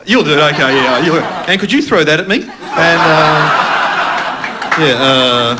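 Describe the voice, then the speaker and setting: On a TV studio stage with a live audience, a chatty Australian comedian works the crowd in a very noisy setting. His voice sits on the high side and moves at an unhurried pace as he rambles, mocks himself, and laughs at his own jokes.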